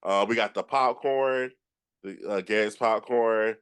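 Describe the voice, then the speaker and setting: Brief: Southern man, Georgia accent, low voice, lively storyteller host. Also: a little slow, smooth. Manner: animated storyteller with frequent restarts, acts out quotes. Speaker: podcast host. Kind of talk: casual storytelling chat.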